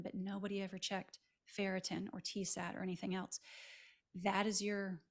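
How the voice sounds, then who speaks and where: A woman's voice: mid-range voice, level tone, normal speed. A woman physical therapist speaking as a guest in a casual interview, giving advice in a conversational way. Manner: conversational, advising.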